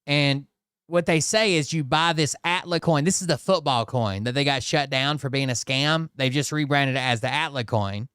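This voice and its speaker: A man riffs over clips in casual reaction commentary, doubting and mocking what he plays. His voice is smooth and clear, and the recording is close and dry. He trips over his words and restarts often. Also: mid-range voice, normal speed, a bit bright, dry recording. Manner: skeptical, mocking asides with hesitant restarts. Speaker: commentary channel host.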